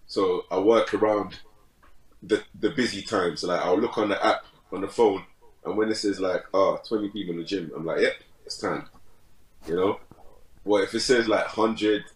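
This young man's voice sits low and moves at a moderate pace, captured in a rough, reverberant recording. He's a fitness content creator appearing as a podcast guest, chatting in a laid-back way, laughing often and saying "bro" a lot.

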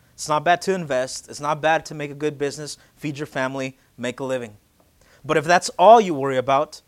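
A man in his late twenties, a pastor, preaching a casual, joking sermon that swells into loud, urgent emphasis. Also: on the high side. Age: late 20s.

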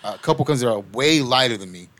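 A man's voice: medium pitch, animated, quick pace, fairly bright tone, no echo. A man co-hosting a podcast with a friend, talking in a laid-back, jokey way and cursing often. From Mexican-American family. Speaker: podcast co-host. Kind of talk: casual podcast banter.

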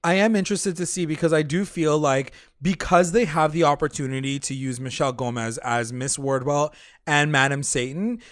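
A man's voice: fairly high pitch, no room sound, studio quality. A man co-hosting a casual chat show, loosely retelling an episode with plenty of filler words. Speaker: podcast co-host.

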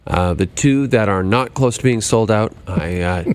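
Speaking at a moderate pace with a fairly low pitch, this podcast co-host keeps things light in casual comedic banter. He jokes around, teases, and laughs often.

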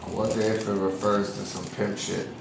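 Wisecracking low-voiced man, echoey room. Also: level tone, fairly quick, vocal fry, distant mic. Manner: dry wisecracking, laughs often. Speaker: podcast co-host. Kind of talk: casual chat. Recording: very echoey room with faint noise.

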